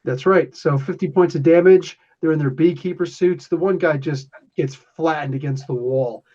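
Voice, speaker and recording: A man's voice: a little high, moderate pace, darkish tone. A man acting as game master, describing the action in a casual, rambling way with restarts. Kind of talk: running a tabletop game session. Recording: lo-fi podcast audio.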